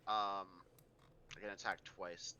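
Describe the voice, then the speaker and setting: A man's voice: low-pitched, level tone, slow pace, pushed and bright, muffled recording, a little hiss or hum. A man playing a tabletop game, speaking in a laid-back, plain way. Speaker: player. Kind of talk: casual tabletop play.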